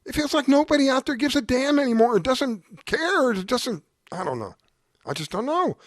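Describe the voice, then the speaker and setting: A man's voice: extremely high pitch, big pitch swings, normal speed, dry recording, clean studio sound. A man hosting a talk show, delivering an exasperated, emphatic commentary monologue with lots of repetition. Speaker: show host.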